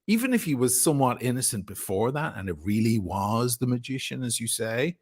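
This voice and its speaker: A man's voice: mid-range voice, lively intonation, fairly quick, slightly rough. A man in a heated livestream chat, ranting angrily and swearing often. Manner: angry, profane, ranting.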